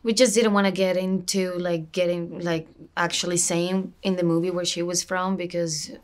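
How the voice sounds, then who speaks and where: A lively young woman from Cuba chats through an interview and laughs along with the others. Her voice sits a little low for a woman. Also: moderate pace. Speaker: actress guest. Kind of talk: casual interview chat.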